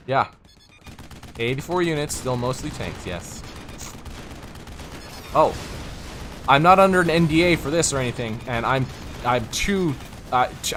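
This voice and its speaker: A man's voice: mid-range voice, a bit bright, slight background noise. A man casually commentating a strategy game on a live stream, rambling, interrupting himself and chuckling often, with game gunfire behind him.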